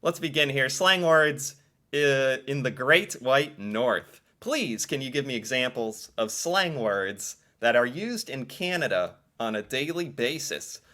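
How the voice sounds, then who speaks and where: An American man giving casual reaction commentary in an excitable, playful way, with an American accent. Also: medium pitch, a little slow. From United States. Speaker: reaction video creator.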